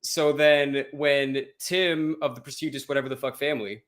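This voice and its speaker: A man's voice: mid-range voice, steady tone, moderate pace, a bit bright. An American man co-hosting a podcast, chatting loosely, swearing casually and laughing often. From United States. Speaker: podcast co-host. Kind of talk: casual chat.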